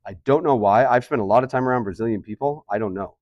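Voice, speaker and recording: A man's voice: medium pitch, fast, no room sound, lo-fi sound. Male teacher, mid voice, dry room, chatty and questioning. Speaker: math teacher. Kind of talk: classroom lesson. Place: classroom.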